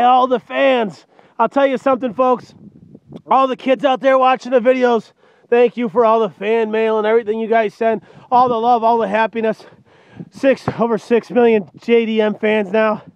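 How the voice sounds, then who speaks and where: Man, truck salesman, very high voice, gravelly, jokey hyped patter, dull dry lo-fi recording outdoors. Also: dry recording. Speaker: truck dealer. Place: outdoors on a cold lot.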